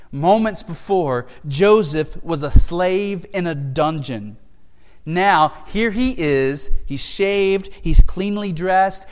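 A man's voice: high voice, long reverb tail. A man preaching an expository sermon as pastor, earnest and emphatic, asking rhetorical questions.

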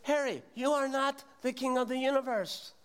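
A man's voice: extremely high pitch, steady tone, moderate pace, a bit bright, smooth, pitched above the performer's own voice. A man voicing a doctor who firmly coaxes a patient down. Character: patient, firm male doctor.

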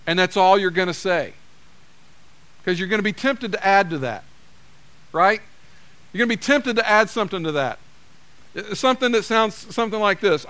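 A man's voice: sits high, lively intonation, normal speed, pauses often, pushed and bright. A man preaching a sermon, conversational and direct, acting out the lines people say to each other. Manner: conversational preaching, acts out quoted dialogue. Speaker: pastor.

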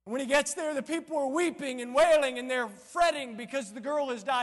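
A man pastor preaching a sermon in a church, impassioned, swinging between shouting and near-whispering. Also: very high-pitched, moderate pace. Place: church sanctuary. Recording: long church hall reverb.

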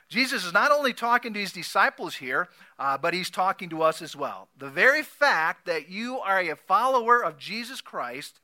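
A man preaching a sermon, repeating key phrases emphatically and swinging between loud declarations and soft asides. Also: sits high, big pitch swings, moderate pace, hardly any pauses. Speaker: pastor.

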